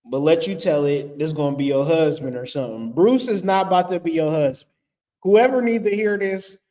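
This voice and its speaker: A man's voice: on the high side, darkish tone. A man giving blunt, profane, joking spiritual relationship advice in a casual talk. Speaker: spiritual vlogger.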